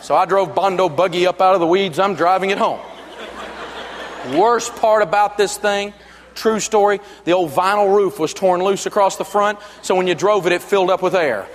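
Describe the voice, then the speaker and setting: A man's voice: high voice, moderate pace, big-room sound, a little hiss or hum. A man giving a live seminar talk, telling jokey stories in a folksy, emphatic way. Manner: joking storyteller, folksy and emphatic. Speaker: money speaker and radio host.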